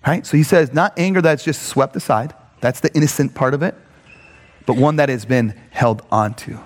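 A man preaching a conversational sermon, animated and full of fillers, often checking in with "right?". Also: medium pitch, normal speed. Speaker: pastor. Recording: long hall reverb.

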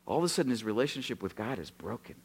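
Racing along in a mid-range voice with a breathy edge, this Oregon pastor in his sixties delivers a sermon. He brings his stories to life by acting out dialogue and trading jokes with the congregation.

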